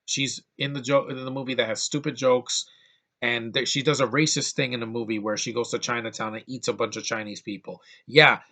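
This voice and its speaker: A man's voice: mid-range voice, sharp tone. A man giving a ranting film review, exasperated and profane, often stumbling and restarting his sentences. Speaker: movie reviewer.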